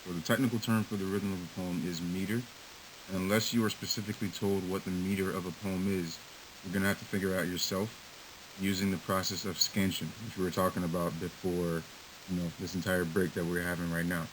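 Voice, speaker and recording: A man's voice: low-pitched, level tone, fairly quick. A man teaching a recorded lesson in an informal way, with fillers. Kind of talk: recorded lecture. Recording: hissy recording.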